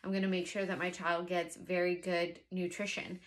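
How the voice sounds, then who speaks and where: A young pregnant woman chatting casually to camera as a vlogger, animated and exasperated in her asides. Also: fairly low pitch, normal speed.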